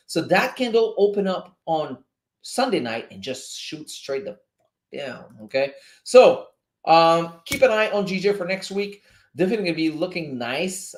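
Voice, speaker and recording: A man with a Québécois French accent hosts a casual livestream, talking freely and drifting off on tangents. His voice sits slightly high. The sound is roomy and echoey. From Montreal, Canada. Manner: chatty, easily sidetracked, swears casually. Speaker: livestream host.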